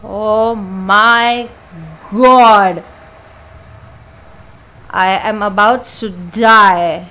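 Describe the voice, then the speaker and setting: A woman gamer playing a horror game, panicky and swearing, pleading out loud with the monster chasing her. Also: a little high, expressive, extremely slow, rough recording. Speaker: let's play gamer.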